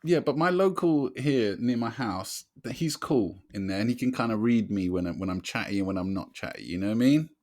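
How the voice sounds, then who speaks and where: A man talks in relaxed podcast chat. His pitch rises and falls widely as he tells his shop stories, and he laughs often and swears freely. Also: a little fast, few pauses. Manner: expressive, laughs easily, swears casually. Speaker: podcast co-host. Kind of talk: casual chat.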